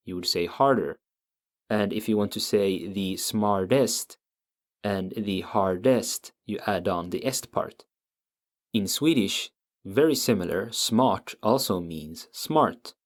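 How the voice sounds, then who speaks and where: A man with a fairly low voice leads a language lesson at an unhurried pace, explaining patiently and repeating every example word slowly so learners can keep up.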